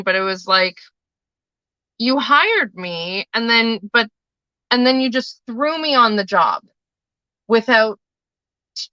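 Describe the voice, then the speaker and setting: A woman's voice: mid-range voice, sharp tone, smooth, dry recording, dull audio. A woman hosting a casual live stream, rambling through chatty stories and swearing now and then. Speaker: livestream host and tarot reader.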